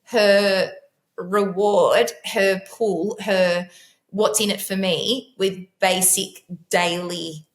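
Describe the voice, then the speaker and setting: A middle-aged woman tells her story as a podcast guest in an easy, candid way. She turns animated when she acts out quotes in playful voices. Her pitch sits at a middle level, and the room gives her voice a noticeable echo. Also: very slow. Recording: echoey room.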